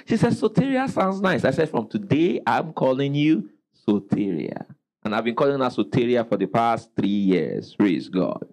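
A man's voice: medium pitch, darkish tone, rough recording. A man preaching a sermon as pastor, calling out questions for the congregation to answer and exclaiming praise.

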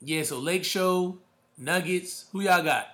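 Male host, slightly high bright voice, slangy emphatic sports chatter. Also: slow pace. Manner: emphatic, slangy, calls listeners bro. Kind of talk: casual sports talk.

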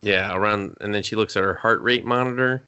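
Casual podcast co-host: man, lowish voice, rambling recaps, pops into high voices for characters. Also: a little fast, pushed and bright, muffled recording. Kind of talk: casual anime review chat.

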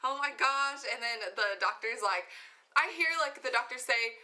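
A young woman, telling a story in casual chat, full of fillers and animated retellings. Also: on the high side, moderate pace, very noisy.

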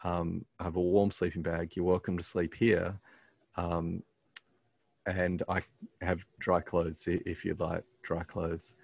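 A man casually telling a personal story on a podcast, halting with many ums and restarts, earnest as he reflects on his faith. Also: sits low, little pitch movement, vocal fry, darkish tone, no echo.

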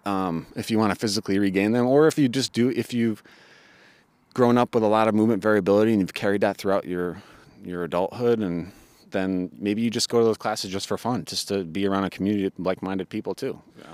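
Low-voiced thoughtful male co-host. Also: fairly even intonation, quick pace, a little mellow, no room sound. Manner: thoughtful, explanatory, with many fillers. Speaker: podcast co-host. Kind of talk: casual chat, explaining fitness ideas.

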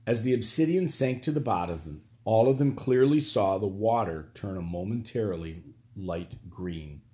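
A man narrating an audiobook in a steady, even storytelling manner. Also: on the low side, normal speed.

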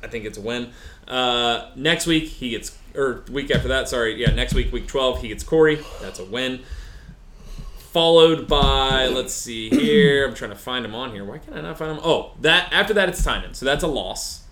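A man's voice: medium pitch, roomy sound, noisy background. A man co-hosting a podcast, chatting casually and joking his way through fantasy football matchups. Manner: joking, rambling, quick asides. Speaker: podcast co-host.

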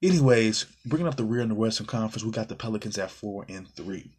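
Husky man ranting about basketball. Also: on the low side, quick pace, darkish tone. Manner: heated ranting, swearing, addressing the player directly. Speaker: sports commentator. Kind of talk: casual basketball commentary.

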